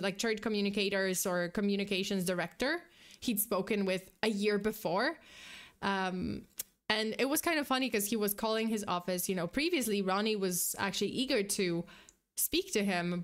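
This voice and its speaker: A woman podcast host telling a true story in a chatty, casual way, full of asides. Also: mid-range voice. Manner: chatty, many fillers and asides.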